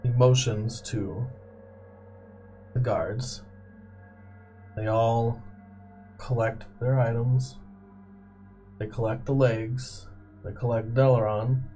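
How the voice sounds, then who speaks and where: Slow-narrating male game master. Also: medium pitch, steady tone, warm tone, soft background music. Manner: slow, graphic descriptive narration.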